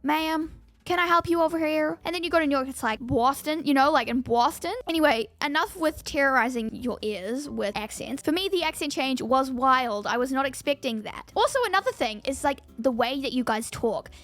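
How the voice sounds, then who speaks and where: A teenage girl with a New Zealand accent, chatting casually to camera in a lively vlog, full of "like" fillers. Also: high voice, fairly quick, hardly any pauses, soft background music. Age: teens. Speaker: vlogger.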